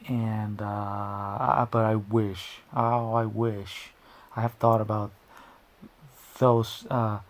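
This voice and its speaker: A man's voice: fairly low pitch, flat delivery, slow. A man giving casual, rambling commentary to camera, often restarting sentences and drifting into asides. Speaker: video creator.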